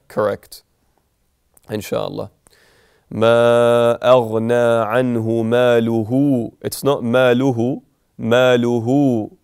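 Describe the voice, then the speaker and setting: A man's voice: lowish voice, gravelly, a little mellow, smooth, no room sound, clean studio sound. A man teaching recitation rules patiently, contrasting correct and incorrect examples and breaking into melodic recitation.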